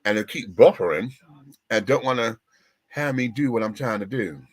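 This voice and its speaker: A man's voice: lowish voice, expressive, moderate pace. A man hosting a live-stream gossip show, sassy, theatrical and profane, chatting to viewers while he fixes his setup. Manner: talks to the audience while fixing tech. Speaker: show host.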